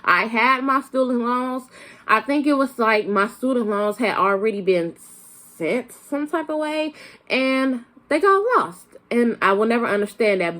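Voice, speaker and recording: A woman's voice: fairly high pitch, fairly bright tone. A young woman vlogger with a slight Southern country accent, chatting casually and rambling with lots of fillers and restarts. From Flint, Michigan, raised in Arkansas. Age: young adult. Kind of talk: casual chat to camera.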